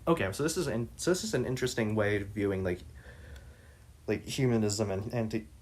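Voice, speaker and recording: Male reader-commentator, lowish voice, hesitant, self-correcting delivery. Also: a little mellow. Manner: halting, many restarts and fillers. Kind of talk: reading aloud and commenting.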